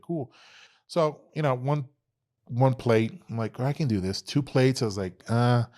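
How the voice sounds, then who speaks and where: A young man from Texas, a podcast guest telling stories casually, swearing often and acting out quoted dialogue. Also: fairly low pitch. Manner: animated, profane storytelling, acts out quoted dialogue. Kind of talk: casual storytelling interview.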